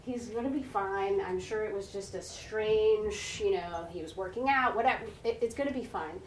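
A woman's voice: mid-range voice, normal speed, slight background noise. A woman in her forties gives a conversational sermon built around a personal story, often checking in with "right?" and acting out the voices in it. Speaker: preacher. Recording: echoey room heard from a distance.

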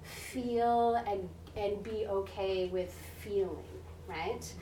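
A woman's voice: mid-range voice, takes it slowly, mellow, slight background noise. Woman, forties, conversational sermon, keeps asking "right?", distant mic, echoey space. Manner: conversational, often asks "right?", acts out voices. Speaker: preacher. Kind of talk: sermon with personal story. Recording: echoey room heard from a distance.

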